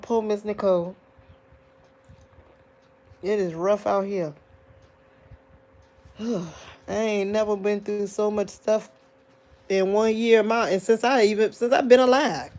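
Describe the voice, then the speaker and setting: Tearful soft-spoken woman, sighing. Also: medium pitch, fairly even intonation, a little slow, long pauses. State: tearful, grieving. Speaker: livestream host talking to viewers. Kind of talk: casual live chat.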